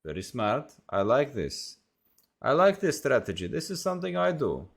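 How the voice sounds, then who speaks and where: A man's voice: mid-range voice, very animated, normal speed, gravelly. A man with an Australian accent reviewing websites as an SEO consultant, thinking aloud in a casual, rambling way. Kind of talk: casual screen-share commentary.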